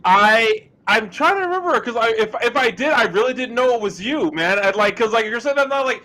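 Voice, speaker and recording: A high-voiced man with a bright, sharp tone jumps into the chat with swooping energy. He stumbles over his openings, laughing and reacting eagerly as co-host. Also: brisk, hardly any pauses. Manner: excitable, stumbling starts, laughs. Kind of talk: casual interview chat.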